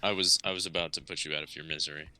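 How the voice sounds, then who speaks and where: A man's voice: rumbling low, steady tone, rapid-fire, sharp tone, a little hiss or hum. A man playing a tabletop game, dry and sarcastic as he speaks in character. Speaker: player. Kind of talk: tabletop role-play.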